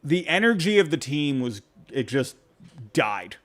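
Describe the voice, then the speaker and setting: Animated man hosting a sports call-in show. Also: on the high side, measured pace. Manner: rambling, self-interrupting, animated. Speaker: podcast host taking fan calls. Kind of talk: casual postgame sports reaction.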